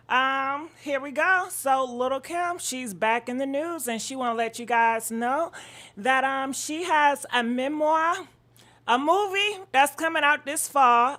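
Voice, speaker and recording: A woman's voice: sits high, pushed and bright. A woman hosting a casual live-stream gossip chat, a little out of breath, swearing freely and greeting commenters by name.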